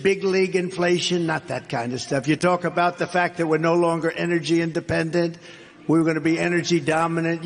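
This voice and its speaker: A man giving a sarcastic, repetitive rally speech, rambling from point to point. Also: a little high. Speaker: political speaker at a rally. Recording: long reverb of a large venue, faint background noise.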